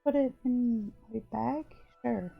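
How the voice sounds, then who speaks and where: A man voicing a timid, hesitant young boy in a husky falsetto while reading a game aloud. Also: slow pace, phone-quality sound, faint music behind, full character voice. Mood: unsure. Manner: hesitant and unsure.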